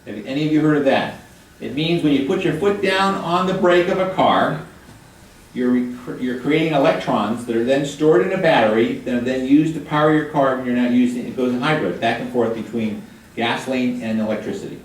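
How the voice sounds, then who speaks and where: An older man giving a guest lecture to high school students, chatty and joking as he quizzes the room. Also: fairly quick. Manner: chatty, jokey, quizzes the audience. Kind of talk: classroom lecture with questions to students. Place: high school hall or classroom. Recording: echoey room, mic at a distance.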